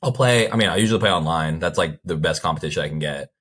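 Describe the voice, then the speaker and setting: A young man with a low, bright voice chats as a guest on a sports talk show. He rambles through stories, leaning on "like" as he goes. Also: fast talker. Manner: rambling storyteller, frequent "like" fillers. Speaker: baseball player guest. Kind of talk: casual interview chat.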